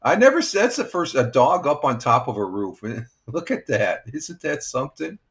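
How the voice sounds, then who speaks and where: A man's voice: a little high, very animated, moderate pace, fairly bright tone. A man in his sixties, a retired firefighter, hosting a casual morning live stream and chatting with viewers in a rambling, easygoing way with many fillers. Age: 60s.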